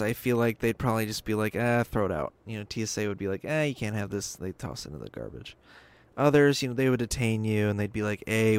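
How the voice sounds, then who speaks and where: A man's voice: on the low side, clean tone, no echo. A man hosting a podcast, ranting in a loose, sarcastic way with a lot of swearing and filler words. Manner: sarcastic, rambling, swears often. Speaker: podcast host. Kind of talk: casual political rant. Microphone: webcam and desk mic.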